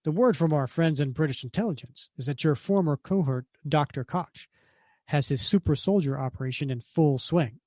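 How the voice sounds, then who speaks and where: A man's voice: on the high side, normal speed, a little mellow, dry recording, lightly acted. A man reading out the lines of a brash, dismissive male army colonel from a comic, in close to his own voice. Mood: mocking. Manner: read aloud from a comic, lightly acted.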